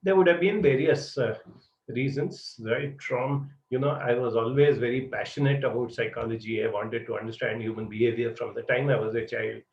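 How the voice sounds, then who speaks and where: A man giving students advice, telling an animated story full of "uh" and "you know". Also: mid-range voice, moderate pace. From India. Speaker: psychology mentor. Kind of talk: advisory talk with storytelling. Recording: roomy, distant, dull lo-fi sound.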